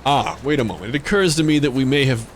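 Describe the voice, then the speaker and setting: A man's voice: medium pitch, quick pace, slight background noise, close to an everyday voice. A man voicing a courtly male scholar character. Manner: stiff, old-fashioned politeness.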